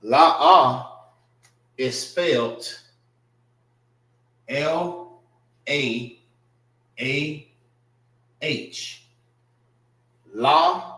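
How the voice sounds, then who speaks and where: Man teaching a class, very slow and patient with his words, in an echoey classroom. Mid-range voice. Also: on the high side, bright, forceful tone. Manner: patient, repeats words slowly, spells them out. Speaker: class instructor. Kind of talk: classroom lesson on writing and pronunciation.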